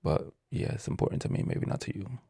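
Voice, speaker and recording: A man's voice: fast talker, dark tone, dry recording, clean studio sound. A man from ranting casually on his own video, profane and rambling, stumbling over words as he reads the news aloud. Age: adult with a child. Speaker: vlogger.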